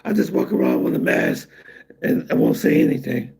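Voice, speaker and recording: A man's voice: extremely low pitch, wildly swooping pitch, gravelly, darkish tone, slightly rough. A man talking casually on a live stream in a rambling, conversational way, reacting to viewer comments. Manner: rambling, conversational, drawn-out asides. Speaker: vlogger reading chat comments.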